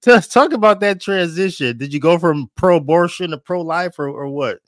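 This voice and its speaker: A man's voice: on the high side, moderate pace, no echo, clean studio sound. A man hosting a casual interview, easygoing and friendly. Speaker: interview host.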